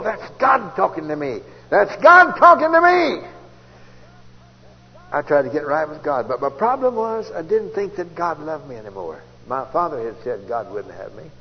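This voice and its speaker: A man preaches his own conversion story in a folksy, storytelling way, his voice lively in pitch and leaping between loud cries and hushed asides. The sound is a dull old tape made in a large, reverberant hall, with a faint hiss behind him. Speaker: preacher giving testimony. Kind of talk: testimony sermon.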